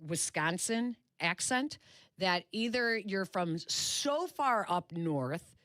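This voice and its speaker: A woman's voice: medium pitch, expressive, slow pace, a bit bright, no room sound, studio quality. A woman from the Chicago area hosting a sports radio show in casual chat. She laughs easily and loses her train of thought. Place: radio studio. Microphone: studio microphone.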